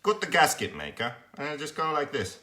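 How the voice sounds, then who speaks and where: Young man, bright forceful voice, lively pitch, swears a lot, casual live-stream workshop talk. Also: fairly quick. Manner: animated storytelling, swears freely, acts out his own frustration loudly. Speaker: host of a live workshop show.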